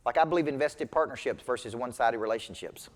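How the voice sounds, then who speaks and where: A man's voice: mid-range voice, fast talker. Emphatic male coach in a reverberant hall. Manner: emphatic, punchy repetition. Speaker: business coach. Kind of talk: motivational sales training talk.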